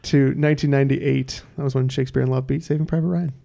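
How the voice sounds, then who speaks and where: A man hosting a podcast quiz, reading trivia questions in a measured way with dry asides. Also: mid-range voice, fairly even intonation, vocal fry, dark tone. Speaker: quiz host.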